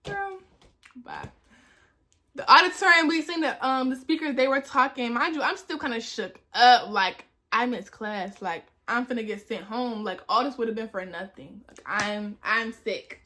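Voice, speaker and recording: Bright, high-voiced young woman telling a story. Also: moderate pace, few pauses. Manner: animated, acts out the voices of others; chatty, repeats phrases for emphasis. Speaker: vlogger, flight attendant. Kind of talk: casual storytelling.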